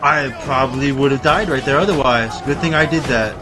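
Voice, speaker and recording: A man's voice: medium pitch, fairly quick. Rambling man narrating gameplay over music. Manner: rambling, talks straight to viewers, swings into excited exclamations. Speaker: gameplay commentator. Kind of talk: casual let's-play commentary.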